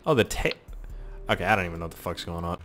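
A man giving excitable let's-play commentary on a flight game, swearing and laughing at his own crashes. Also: sits low, very fast, faint music behind. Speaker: gaming YouTuber.

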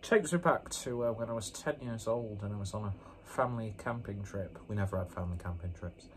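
A man with a fairly low voice talks through a beer review in a relaxed, rambling way. He breaks off now and then with joking, self-mocking asides. A faint hiss of background noise sits under his voice. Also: a little fast. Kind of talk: casual beer review vlog. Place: indoors at home with a fan running.

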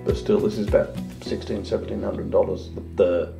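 A man's voice: level tone, brisk, vocal fry, warm tone, soft background music. A man talking casually through a home vlog, unboxing a drone and chatting as he goes. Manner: chatty, talks to his dog in a high singsong voice. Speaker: vlogger.

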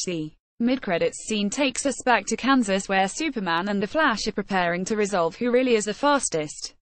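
A woman's voice: mid-range voice, no room sound. A woman narrating a scripted explainer, reading out an article word for word, page labels included.

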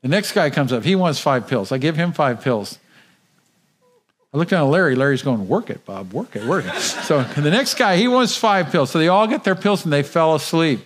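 A man speaking as a guest at a church service, telling a dramatic personal story in a lively, vivid way and often repeating words as he goes. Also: a little high, moderate pace, slight background noise.

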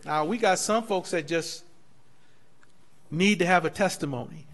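A man, a pastor, teaching a Bible class in a lively preaching style, telling stories and acting out quoted voices. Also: high voice, unhurried, long pauses. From United States. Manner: animated preaching with storytelling, laughing asides; acts out quoted voices in dialogue.

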